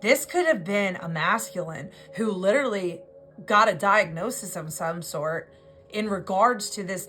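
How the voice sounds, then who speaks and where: Woman, tarot reader, low-pitched voice, emotional rambling delivery, soft music behind. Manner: rambling and emotional, repeats and restarts words. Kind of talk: intuitive tarot reading monologue.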